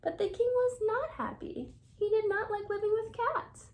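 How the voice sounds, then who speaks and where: A woman reading a children's picture book aloud in an animated way, with whispered asides to the young listeners. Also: very high-pitched, moderate pace, hardly any pauses. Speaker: reader.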